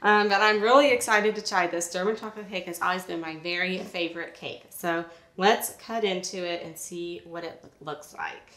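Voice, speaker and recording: A woman's voice: on the low side, moderate pace, hardly any pauses, a bit bright, roomy sound, slight background noise. A woman vlogging a casual cooking demonstration in her home kitchen, bubbly and laughing often as she works. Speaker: recipe vlogger.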